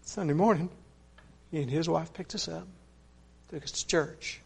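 Preacher guy telling a story in his sermon, kinda high raspy gravelly voice, folksy, lots of "he said". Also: fairly even intonation, moderate pace, darkish tone. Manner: folksy, earnest retelling with many "he said" asides and restarts.

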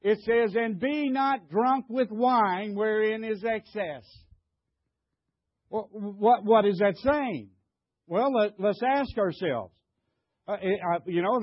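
A man's voice: sits high, no room sound, lo-fi sound. An older man preaching a sermon, emphatic, stammering and repeating himself as he questions the congregation. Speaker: pastor.

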